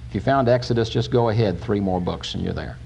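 A man preaching a sermon, emphatic, with pauses and restarts. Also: on the low side, creaky, darkish tone, slight background noise.

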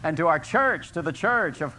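An older man preaching a sermon as pastor, earnest, slowing and rising in pitch to stress scripture. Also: expressive, sharp tone. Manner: earnest preaching, rising for emphasis, slow drawn-out scripture quotes.

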